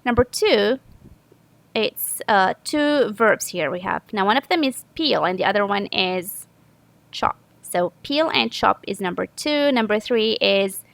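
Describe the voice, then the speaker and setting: A woman's voice: medium pitch, lively intonation, unhurried, creaky, fairly bright tone, rough recording. A woman teacher from Saudi Arabia patiently walking through an English grammar lesson step by step, often correcting herself. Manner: patient, step-by-step explaining with frequent self-corrections.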